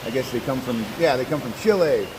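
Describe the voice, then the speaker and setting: Man, casual tour vlogger, greets animals, rambling and repetitive, mid-pitched, noisy handheld sound. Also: fairly quick, darkish tone. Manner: chatty, talks to the animals, trails off and repeats words. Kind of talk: casual walking tour narration. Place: indoor zoo birdhouse.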